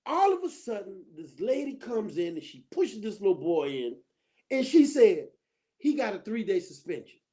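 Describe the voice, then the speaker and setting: A middle-aged woman tells a story in casual chat, animated and quick to laugh. Her pitch is mid-range but swings widely as she performs the moments. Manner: animated, acts out voices, laughs while telling. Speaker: guest, former school counselor.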